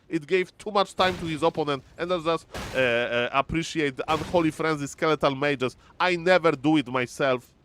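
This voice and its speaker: A man casting a strategy video game match, excitable and fond of repeating catchphrases to his audience. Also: fairly high pitch, background noise. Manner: excitable, repeats catchphrases, addresses "ladies and gentlemen". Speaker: game caster. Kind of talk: excited esports commentary.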